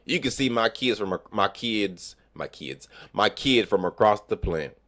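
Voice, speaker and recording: Streamer, male, low voice, animated profane storyteller, acts out quotes, dry mic. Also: moderate pace, no room sound. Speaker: livestreamer. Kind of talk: casual storytelling chat.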